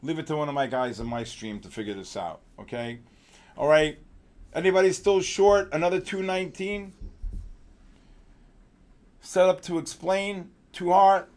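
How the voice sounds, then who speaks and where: A man runs a live trading stream, reacting loudly and excitedly to market moves. He bickers in exasperation with his crew between calls, in a voice pitched a little high. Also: moderate pace, long pauses. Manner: excitable, loud outbursts, exasperated banter. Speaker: trading show host.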